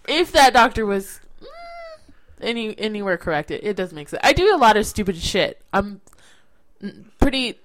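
A woman's voice: mid-range voice, very animated, normal speed, rough recording. A woman from California co-hosting a podcast in casual chat, telling rambling, self-mocking stories with frequent restarts. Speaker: podcast co-host.

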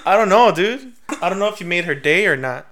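A man's voice: high-pitched, expressive, a little fast, very noisy. A man in casual podcast chat, teasing and skeptical, with lots of swearing.

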